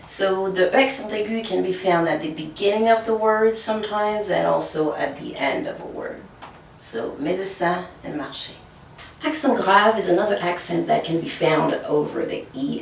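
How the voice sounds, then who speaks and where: A woman's voice: fairly low pitch, big pitch swings, moderate pace, gravelly, slight background noise. A woman teaching French pronunciation, explaining patiently and often checking in with "okay?". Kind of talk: whiteboard language lesson. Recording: echoey room from far off.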